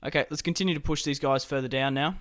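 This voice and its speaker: A man's voice: fairly high pitch, steady tone, fast, a bit bright, dry recording, clean studio sound. Man casually talking through a strategy game. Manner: casual, thinking aloud while playing. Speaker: gaming YouTuber.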